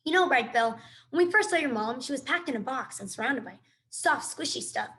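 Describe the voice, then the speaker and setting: A woman's voice: sits high, expressive, fairly quick, fairly bright tone. A woman voicing a friendly, chatty female otter in a storybook read-aloud, talking in an easygoing way.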